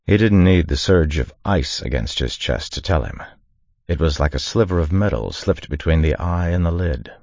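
Very deep-voiced man narrating dramatically. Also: no room sound, lo-fi sound. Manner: measured dramatic reading, raises voice for shouted orders. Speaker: audiobook narrator. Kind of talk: scripted narration.

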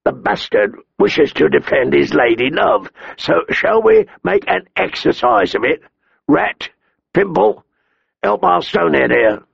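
A sharp-tongued, cold master-at-arms who sneers at his pupils with cutting contempt, put on by a man reading an audiobook. The voice is a touch raised above the reader's own, with a gravelly edge. The recording is dry and a little dull. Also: on the high side, big pitch swings, a little slow, dry recording, full character voice. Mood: cold taunting. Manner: taunting, mocking. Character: cold, cruel middle-aged male master-at-arms.

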